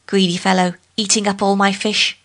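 A woman's voice: medium pitch, little pitch movement, moderate pace, a bit bright, natural voice. A woman voicing a sly, boastful male spider trickster in a storybook tale, crafty and wheedling. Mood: grumbling.

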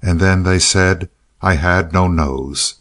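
A man with a fairly low voice reads a storybook aloud, telling it in the first person as a dog. His delivery is dry, sly and self-satisfied, the tone of someone quietly pleased with his own cleverness. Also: steady tone, slow. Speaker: narrator. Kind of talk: storybook narration as the dog himself.

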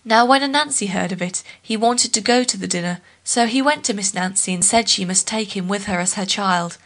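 Female storyteller, steady folk-tale reading. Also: mid-range voice, brisk.

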